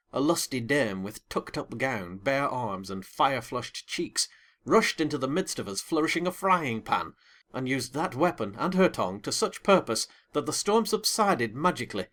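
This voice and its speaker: A male audiobook narrator reading a classic novel with lively, dramatic expression. His voice sits at an ordinary middle pitch and carries the first-person tale with vivid feeling.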